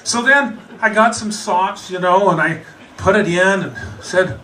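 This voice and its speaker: A man from the United States spins a funny tale in a high, bright voice that swings all over. He tells it with amused energy, a little off-mic, with a faint hiss behind him. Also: a little slow, far from the mic, poor audio. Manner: animated, chuckling as he tells it. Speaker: storyteller. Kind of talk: humorous personal storytelling.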